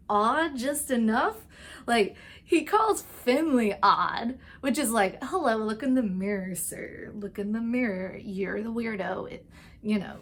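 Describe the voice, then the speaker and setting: A woman giving a casual, gushing recap of TV episodes, chatty and full of "like" and "um", briefly acting out the characters' lines. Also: on the high side. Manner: acts out characters' lines in quick asides. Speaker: TV recap and tarot vlogger.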